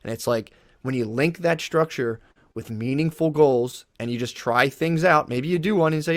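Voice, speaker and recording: A man's voice: mid-range voice, moderate pace, dry recording, studio quality. A man talking as a podcast guest, blunt and emphatic, swearing freely as he gives a pep talk. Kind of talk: casual chat.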